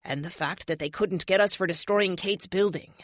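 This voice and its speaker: A woman's voice: on the low side, normal speed, no room sound, clean studio sound, close to an everyday voice. A woman voicing a big, worried male friend. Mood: earnest. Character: big loyal protective male best friend.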